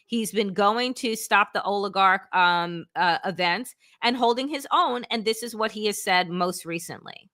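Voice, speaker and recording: Bright emphatic female political host. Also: medium pitch, moderate pace, hardly any pauses. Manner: emphatic, punchy, swears for emphasis. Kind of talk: political talk show commentary.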